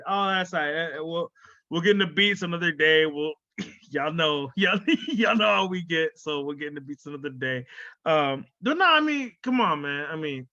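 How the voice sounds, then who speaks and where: A man's voice: fairly high pitch, pushed and bright, no room sound. A man hosting a podcast in a rambling, profane solo rant full of fillers and restarts, on a dull lo-fi recording. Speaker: podcast host.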